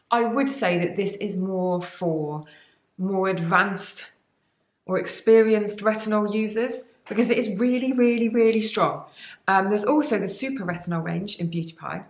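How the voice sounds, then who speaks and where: A woman who works as a beauty vlogger chats enthusiastically to camera about products in a sponsored segment, rambling and tossing in cheeky asides. Her voice is medium-pitched and measured in pace, and the sound is roomy.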